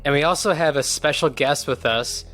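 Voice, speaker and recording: A man's voice: a little high, moderate pace, a bit bright, faint music behind. Chatty, jokey male podcast host. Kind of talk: casual podcast chat.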